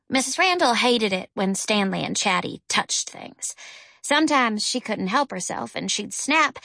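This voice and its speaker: A woman narrating a children's novel as an audiobook, with a gentle storytelling manner. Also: vocal fry, no room sound. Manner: gentle storytelling, lifts pitch for characters' lines. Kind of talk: scripted narration.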